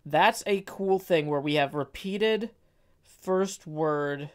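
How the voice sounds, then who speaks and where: A man's voice: on the high side, slow pace, clean tone. A man reading poetry aloud and chatting on his live stream, with careful stress on the words and frequent hesitant fillers.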